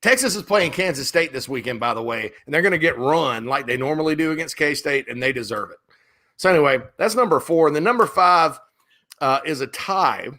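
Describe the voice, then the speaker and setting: A middle-aged man hosting a sports talk show, telling rambling, animated stories full of restarts in a casual chat. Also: a little high, brisk.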